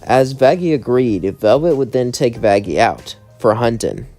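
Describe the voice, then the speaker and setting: A man tells a fan-fiction story in a casual, rambling way, chaining events one after another. Soft music plays faintly beneath his voice. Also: mid-range voice, expressive, measured pace.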